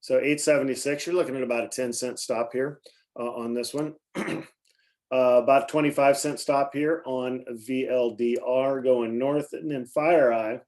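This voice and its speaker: A man's voice: medium pitch, steady tone, normal speed, darkish tone. Man talking markets with a scratchy throat. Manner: rambling, many fillers and self-corrections. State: coughing, clearing throat often. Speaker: market commentary host. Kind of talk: casual live market commentary.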